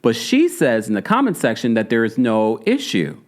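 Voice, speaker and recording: A man's voice: mid-range voice, huge pitch swings, normal speed. A man with a Jamaican accent in casual, playful commentary, chatting to viewers with laughs and asides. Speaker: celebrity news commentator. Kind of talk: casual chat.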